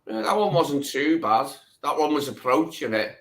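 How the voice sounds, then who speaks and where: A man's voice: a little high, very animated, normal speed, creaky. A man co-hosting a live stream, chatting casually in a blunt, plain-spoken way. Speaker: co-host. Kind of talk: casual chat.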